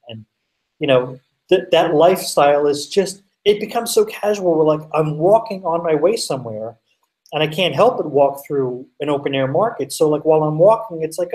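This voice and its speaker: A man's voice: fairly high pitch, animated, brisk, a little mellow, distant mic, rough recording. A man telling a story as a guest in a rambling, chatty way with lots of fillers, over a remote call. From United States.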